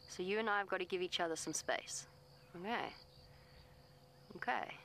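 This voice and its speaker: Outdoors in her vehicle, a woman safari guide gives live commentary to camera, coaxing an elephant in a soothing, pleading voice and matter-of-factly explaining its behavior. Her voice is on the low side and a bit bright, with vocal fry, normal speed and long pauses, plus slight background noise.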